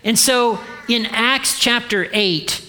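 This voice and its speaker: A man's voice: very high-pitched, takes it slowly. A male pastor preaching a sermon, telling funny stories and acting out the dialogue in them. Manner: humorous, animated storytelling with acted-out dialogue.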